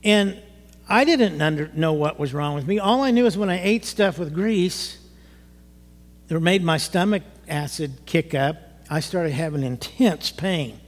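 A man's voice: a little high, unhurried. A man in his sixties, a pastor preaching a sermon and telling a personal testimony, talking conversationally, asking the congregation questions and rising into emotional outbursts. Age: 60s. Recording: long hall reverb.

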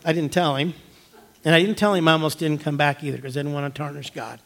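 Storytelling pastor, hushed then emphatic. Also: male voice, a little high, fairly even intonation, quick pace, gravelly. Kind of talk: sermon. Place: church.

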